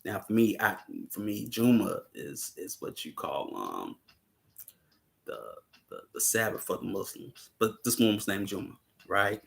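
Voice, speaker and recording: A man's voice: fairly low pitch, very animated, measured pace, creaky. A man hosting a casual livestream about a film, laid-back, laughing often and chatting with viewers. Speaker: host discussing a film.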